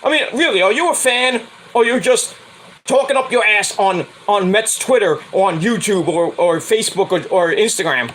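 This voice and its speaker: A man's voice: moderate pace, a bit bright, low-quality recording. A man hosting a podcast, ranting bluntly and profanely about sports fans. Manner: profane, blunt, mocks with high whiny voices. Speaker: podcast host. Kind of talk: casual sports rant.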